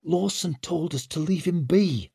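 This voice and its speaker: A man voicing a nervous young sidekick who speaks in an anxious, higher, breathless way, in an audiobook. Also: big pitch swings, moderate pace, darkish tone, slightly rough, no room sound, clean studio sound.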